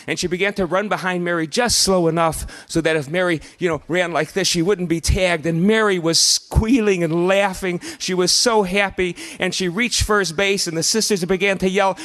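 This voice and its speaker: A man telling a story live on a festival stage, animated and acting out children's shouts. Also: high voice, brisk, hardly any pauses.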